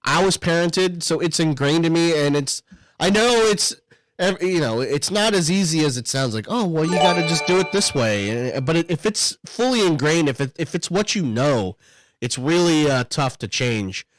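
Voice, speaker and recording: Laid-back swearing podcast dad. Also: male voice, a little high, lively intonation, normal speed. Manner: rambling, swears, laughs often. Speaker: podcast co-host. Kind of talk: casual chat.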